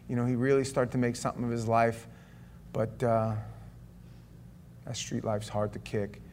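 A man's voice: mid-range voice, darkish tone, a little hiss or hum. A male pastor delivers a testimony from the pulpit, his voice in an ordinary mid range. He talks plainly and conversationally, often restarting his sentences. He sounds emotionally invested in the story. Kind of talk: sermon testimony. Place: church.

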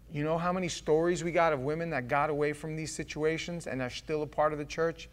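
A man's voice: a little high, fairly even intonation, fast, hardly any pauses. A man preaching a sermon, joking and acting out the scripture with voices. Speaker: pastor.

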